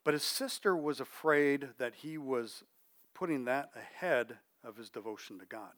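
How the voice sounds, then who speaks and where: A middle-aged preacher delivers a conversational sermon at a moderate pace, his mid-range voice animated. He keeps it chatty, checks in with the audience, and softens his voice to stress a point.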